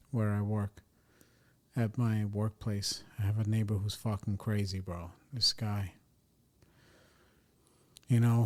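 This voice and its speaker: Podcast host, male, lower voice, casual profane storyteller venting. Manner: rambling, profane, animated venting.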